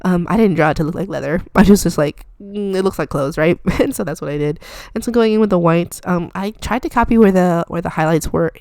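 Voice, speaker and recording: A woman's voice: lowish voice, a little fast, a little mellow, no echo. A young woman hosting an art channel, chatting casually over her drawing in a rambling, self-deprecating way with lots of fillers and little laughs.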